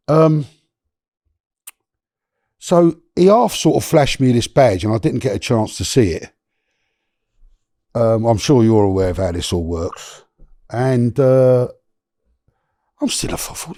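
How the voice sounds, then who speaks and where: Gravelly man spinning a yarn. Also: mid-range voice, a little slow, long pauses, no echo, clean studio sound. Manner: animated storyteller, swears, slangy, many restarts. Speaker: podcast guest. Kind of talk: storytelling in a podcast interview.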